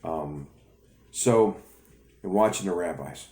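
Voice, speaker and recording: Low-voiced guy rambling through a sermon story, echoey room. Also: takes it slowly, a little mellow. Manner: rambling with restarts. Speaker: ministry video host.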